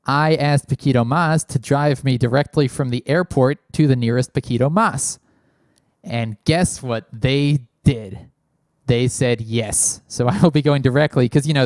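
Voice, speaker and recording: A podcast host with a medium-pitched, darkish male voice rambles through a casual call-in show, dropping fillers constantly. He's right on a large studio microphone in a small studio, and the recording is dry.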